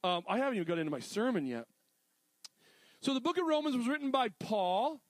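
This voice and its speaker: A middle-aged man preaching a sermon in a casual, animated way, full of jokey asides. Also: very high-pitched, a little fast, no echo. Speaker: pastor.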